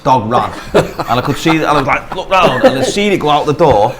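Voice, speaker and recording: A man's voice: fairly high pitch, quick pace, very noisy. Sweary northern English man telling stories. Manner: sweary, animated storytelling. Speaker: podcast co-host. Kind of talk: casual chat.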